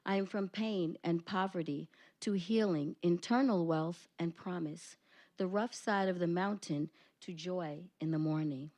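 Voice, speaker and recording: A woman's voice: on the low side, a little slow, darkish tone. A woman, a teacher, reads her own poem with rhythmic emphasis at a school board meeting, then introduces student poets. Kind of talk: poetry reading and meeting remarks.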